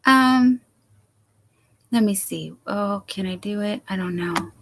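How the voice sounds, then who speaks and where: A woman's voice: mid-range voice, slow pace, gravelly. A woman hosting a casual late-night livestream from home, chatting and rambling as she greets viewers by name. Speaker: livestream host.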